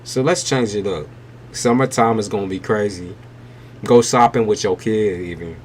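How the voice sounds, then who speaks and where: A man's voice: on the low side, moderate pace, darkish tone, slight background noise. A man giving a live-stream tarot reading, blunt and emphatic, with heavy swearing. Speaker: tarot reader.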